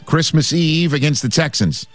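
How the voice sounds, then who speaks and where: A man's voice: fairly high pitch, expressive, normal speed, faint music behind. A man hosting a sports radio show, chatting casually with playful, joking banter.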